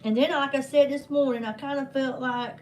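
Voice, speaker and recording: A woman's voice: high voice, steady tone, a little fast, a little hiss or hum, rough recording. An older woman, hosting a casual livestream in a rambling, heartfelt way with folksy religious phrasing. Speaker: livestream host.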